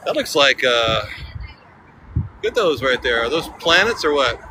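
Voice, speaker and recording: A man's voice: medium pitch, sing-song, unhurried, vocal fry. A man joking and chatting with viewers as he live-streams outdoors on a bridge, now and then breaking into a bit of song. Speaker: vlogger. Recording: outdoor street recording, noise behind.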